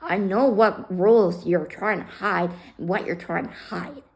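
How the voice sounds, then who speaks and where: Blunt, gravelly-voiced woman telling her story. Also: mid-range voice, measured pace, poor audio. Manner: blunt, heated, swears freely. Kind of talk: casual personal storytelling.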